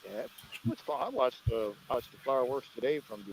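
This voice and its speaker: A man's voice: medium pitch, very animated, brisk, vocal fry, a little hiss or hum, low-quality recording. An American man joining a casual livestream chat, telling profane jokes and stories. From United States. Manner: profane, joking storyteller. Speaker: livestream guest.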